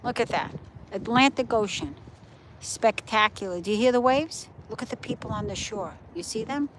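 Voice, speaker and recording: A woman's voice: a little high, moderate pace, low-quality recording. Woman, middle-aged, casual livestream chat, phone mic outdoors, faint background noise. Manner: chatty, points things out to viewers. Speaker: livestream host. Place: outdoors by the ocean at night. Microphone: phone held while walking.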